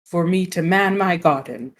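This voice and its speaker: Brief: woman voicing an old grouchy sparrow, weary grumbling, low pitch. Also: normal speed, lightly acted.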